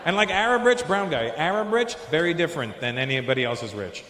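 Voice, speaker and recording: Speaking a little fast with few pauses, this comedian has a slightly high, somewhat bright voice with lively intonation. Working a handheld stage mic before a live audience at a large venue, he chats with people and slips into silly voices, while the spacious hall adds long reverb over slight background noise.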